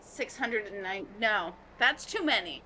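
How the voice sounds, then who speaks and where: A woman's voice: mid-range voice, lively intonation, unhurried, bright, forceful tone, poor audio. A woman streamer chatting casually while playing a game, joking and muttering at the screen. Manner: playful, jokey, muttering to the game. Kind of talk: casual gameplay chat. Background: game music.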